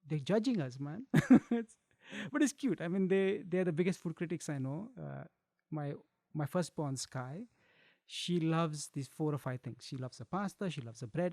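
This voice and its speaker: Gravelly, dry-voiced chef chatting. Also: male voice, on the high side, dry recording. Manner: relaxed, chuckling, restarts phrases. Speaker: chef and guest. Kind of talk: casual chat.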